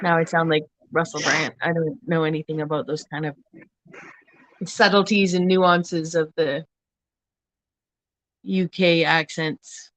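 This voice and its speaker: A woman's voice: low-pitched, flat delivery, unhurried, pauses often, low-quality recording. A woman joining a casual livestream discussion as a panel guest, rambling and searching for words mid-thought.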